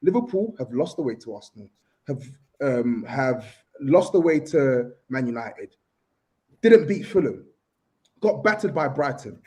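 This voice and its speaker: A man's voice: mid-range voice, sing-song, a little slow, a little mellow. A man, co-hosting a podcast and arguing hard about football, insisting on finishing his point and repeating himself. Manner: argumentative, talks over others, insistent repeats. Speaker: podcast co-host. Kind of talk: heated football debate.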